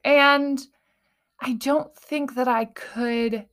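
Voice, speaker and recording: Young woman, solo podcast host, casual and chatty, voices her inner thoughts in lively asides. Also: sits high, drawn-out words. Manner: animated, acts out her inner voices, says "right?" often.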